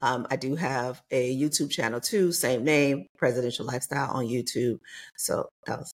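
Husky-voiced woman explaining her therapy. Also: very deep voice, moderate pace. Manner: earnest, explanatory, frequent restarts. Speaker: therapist and company founder. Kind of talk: podcast interview guest.

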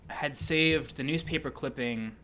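A man co-hosting a casual chat, animated and teasing, who laughs often. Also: mid-range voice, measured pace. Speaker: podcast co-host.

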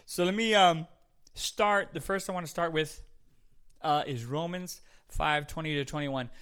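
A man preaches in a loose, conversational way, tossing in jokes and catching his own slips. His voice is bright and forward, pitched a little high for a man. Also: unhurried, clean tone. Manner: chatty, jokey, self-correcting, laughs at himself. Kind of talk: casual podcast sermon.

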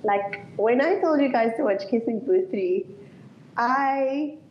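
A woman's voice: fairly high pitch, expressive, slow pace, reverberant, lo-fi sound, slight background noise. A woman co-hosting a casual movie podcast, talking in a wry, self-mocking way. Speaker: podcast co-host. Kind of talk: casual movie review chat.

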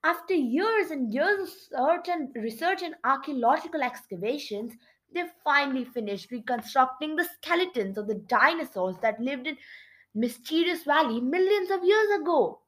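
A woman reading aloud and voicing a bold, mischievous female mouse with an eager, squeaky manner. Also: animated, normal speed. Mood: explaining.

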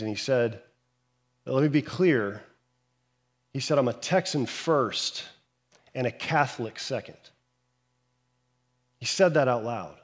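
A man preaching a sermon, telling a Bible story with animated storytelling and acting out the characters' lines. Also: mid-range voice. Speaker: pastor.

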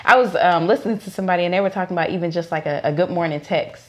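A young adult woman co-hosting a casual podcast chat. Her voice sits a little low, and she talks in a relaxed, chatty way, laughing often between her thoughts. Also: racing. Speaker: podcast co-host.

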